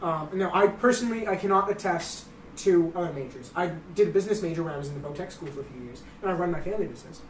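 Fast-talking, joking young man, roomy echo. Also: fairly high pitch, lively intonation, slight background noise. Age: young adult. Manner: joking, profane, self-mocking banter. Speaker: podcast co-host. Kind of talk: casual chat. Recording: roomy echo, distant mic.

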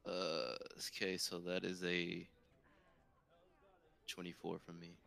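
A man playing a tabletop game, dry and matter-of-fact. His voice is very low and gravelly, with a bright, forceful edge. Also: monotone, takes it slowly. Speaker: player.

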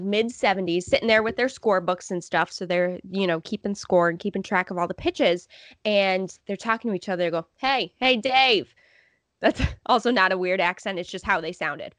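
A woman's voice: medium pitch, a little fast, no echo. A woman co-hosting a podcast, telling stories in casual chat and acting out what other people said, laughing often. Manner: animated storytelling, acts out other people's lines. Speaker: podcast co-host.

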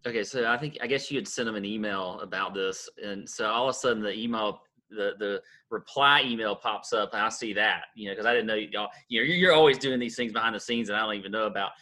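A man co-hosting a casual podcast, telling stories in a chatty, animated way. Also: on the low side, quick pace, hardly any pauses. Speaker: podcast co-host.

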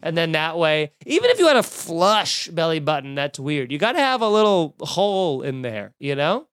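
A man's voice: a little high, sing-song, normal speed, a bit bright, smooth, dry recording, studio quality. A man hosting a podcast, riffing in a casual, profane stream of consciousness. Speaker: podcast host. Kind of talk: casual rambling chat.

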